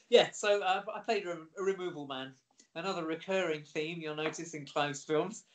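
A lively middle-aged man chatting as a guest, with a voice pitched a bit higher than most men's. He tells anecdotes in an animated, high-energy way. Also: fast talker. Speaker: actor guest. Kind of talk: casual interview anecdotes.

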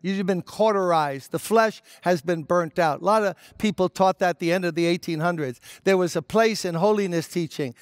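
Older male pastor, high voice, emphatic conversational sermon, dry close sound. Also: normal speed, hardly any pauses, no echo. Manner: emphatic, conversational preaching with rhetorical questions.

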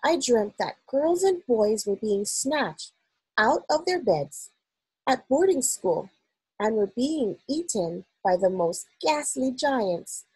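A woman's voice: a little high, very animated, slow, husky, no room sound, voice pushed up, heavily acted, poor audio. A woman voicing a composed, dignified queen who speaks sharply when alarmed, in a storybook reading. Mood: dismayed. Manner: startled, then sharp and commanding.

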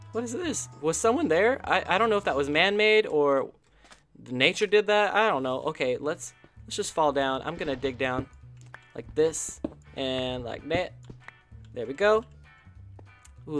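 A channel host giving casual, chatty commentary over a game, excitable and full of gasps and little coos. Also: mid-range voice.

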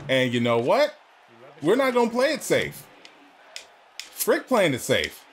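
A man's voice: fairly high pitch, huge pitch swings, a little slow, fairly bright tone, slight background noise. Exasperated man ranting at a video game. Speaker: let's play host. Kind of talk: gaming commentary.

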